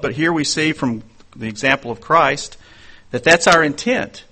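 Bright-voiced man preaching earnestly. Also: fairly high pitch, moderate pace. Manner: earnest, conversational preaching with personal anecdotes. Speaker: pastor. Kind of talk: sermon.

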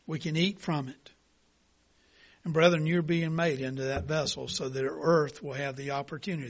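A man preaching a sermon and reading a story aloud, in an earnest, deliberate way. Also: fairly high pitch, fairly bright tone.

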